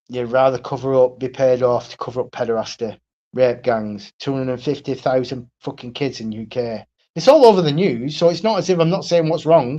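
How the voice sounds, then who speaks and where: A man's voice: mid-range voice, dark tone, muffled recording. A man ranting on his own live stream, blunt and profane, repeating himself and asking "right?" again and again. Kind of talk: solo livestream rant.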